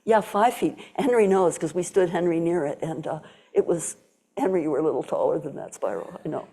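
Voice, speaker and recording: Older woman telling a story, mellow voice. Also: lowish voice, lively intonation, fairly quick, creaky, slightly rough. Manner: warm storytelling with quoted voices and whispers. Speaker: Zen teacher giving a talk. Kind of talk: storytelling dharma talk.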